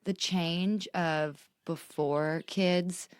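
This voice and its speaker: A woman's voice: lowish voice, steady tone, extremely slow, smooth, dry recording, studio quality. A young woman co-hosting a podcast, chatting casually and in a bubbly way, laughing often and sometimes swearing. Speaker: podcast co-host. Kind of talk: casual chat.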